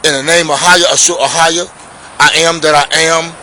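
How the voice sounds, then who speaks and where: A man's voice: fairly high pitch, fairly even intonation, a little fast, bright, forceful tone, slight background noise, poor audio. A man preaching a sermon in a repetitive, emphatic, casual way, reciting scripture between plain talk.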